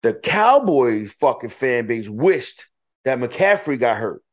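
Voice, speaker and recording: A man co-hosting a casual podcast chat, his voice sitting at an ordinary middle pitch. He tells stories in an animated, profane way, acting out both sides of arguments. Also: slow pace. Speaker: podcast co-host.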